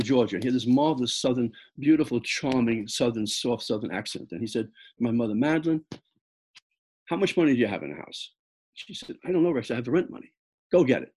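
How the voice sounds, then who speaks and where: A man's voice: medium pitch, a little mellow, slightly rough. An older man from the Bronx, an author telling personal stories in a reflective way that halts often and repeats words. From the Bronx, New York. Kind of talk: personal storytelling talk.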